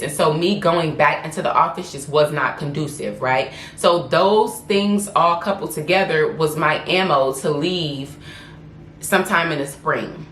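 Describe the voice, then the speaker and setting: A woman's voice: deep voice, a little slow, a bit bright, a little hiss or hum. A woman, telling a candid and emotional personal story in a vlog and often restarting her sentences. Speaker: lifestyle blogger and influencer. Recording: echoey room with faint ambience.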